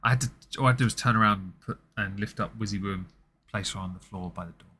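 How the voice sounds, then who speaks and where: A man hosts a live stream and fires off dry, sardonic remarks about the clips he plays. His voice is lowish and bright, with a faint hiss behind it. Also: very fast. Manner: sardonic, wry asides. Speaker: stream host, commentator. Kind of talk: live commentary on video clips.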